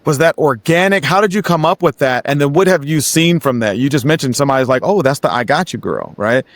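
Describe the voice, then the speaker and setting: A man's voice: fairly high pitch, animated, fast talker, no room sound. A man hosting an interview show, asking questions in an encouraging, conversational way. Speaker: podcast host.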